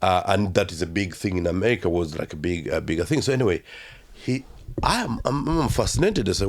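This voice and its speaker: A Ugandan man tells his life story as an interview guest, his deep voice animated. He speaks haltingly, full of fillers and restarts.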